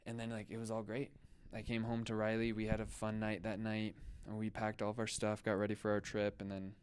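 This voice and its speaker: A man's voice: fairly low pitch, monotone, a little fast, clear, resonant tone. A young man co-hosting a podcast, telling a story in a loose, chatty way full of fillers. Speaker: podcast co-host. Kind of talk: casual storytelling chat.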